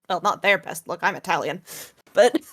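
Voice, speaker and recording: A woman chatting casually with a friend during a voice roleplay, easygoing and quick to laugh. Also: fairly low pitch, animated, dry recording, clean studio sound. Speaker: roleplay partner.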